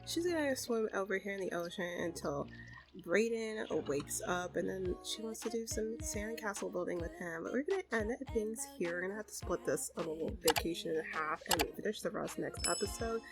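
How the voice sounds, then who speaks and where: A woman's voice: mid-range voice, expressive, moderate pace, music in the background, low-quality recording. Chatty woman narrating a game story. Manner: chatty, full of fillers like kinda and you know. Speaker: host and storyteller. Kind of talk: casual narration of a life-sim game story.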